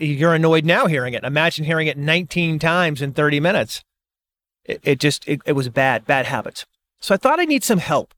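Brief: middle-aged man, slightly high voice, chatty and animated, acts out reactions. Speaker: speaker and author. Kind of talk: casual monologue.

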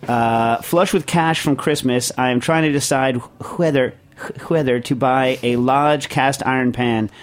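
A man's voice: mid-range voice, a little slow, hardly any pauses. A middle-aged man hosting a podcast, reading a listener question and rambling through his answer with jokes, fillers and restarts. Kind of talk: casual chat.

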